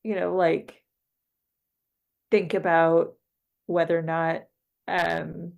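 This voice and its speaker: A woman's voice: fairly low pitch, little pitch movement, takes it slowly, gravelly, darkish tone, muffled recording. A woman co-hosting a podcast, talking in hesitant, filler-heavy casual chat and laughing often. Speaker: podcast co-host.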